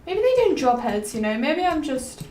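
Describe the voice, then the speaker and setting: A woman's voice: sits high, sing-song, normal speed, a little mellow. Rambling woman streamer, roomy distant mic. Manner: rambling, musing aloud, drifting between topics. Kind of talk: rambling gameplay stream chat. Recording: roomy, slightly distant mic with faint noise.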